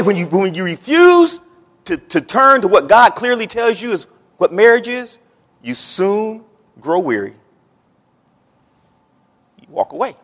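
Pastor guy preaching, kinda high voice, big swings, repeats himself, reverby sanctuary. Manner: rising to emphatic peaks, repeats words. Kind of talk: sermon. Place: church sanctuary. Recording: long church reverb.

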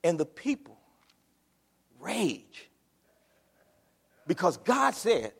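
A man delivers a sermon in a high, very lively voice. He swings from shouted lines to near-mutters. The sound carries a long reverb, as if from a big church sanctuary. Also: drawn-out words, creaky, long pauses, husky. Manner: animated preaching, swings from shouting to low murmurs. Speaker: preacher. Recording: long reverb of a large hall.

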